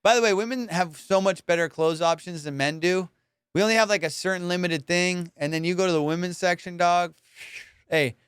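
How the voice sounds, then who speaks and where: A man's voice: high voice, fairly quick, a bit bright, clean tone, dry recording. A man hosting a comedy podcast, rambling casually, swearing a lot and laughing often. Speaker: podcast host.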